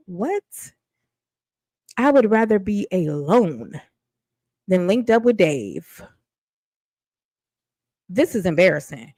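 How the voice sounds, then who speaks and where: A woman's voice: medium pitch, big pitch swings, takes it slowly, long pauses, a little mellow, no room sound, low-quality recording. A woman giving blunt, sassy commentary on a reality dating show, casual and mocking.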